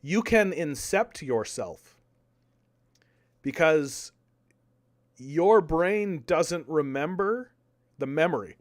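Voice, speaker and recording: A young man doing casual live-stream political commentary, animated, repeating words and arguing with his chat. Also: on the high side, slow pace, pauses often. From Canada.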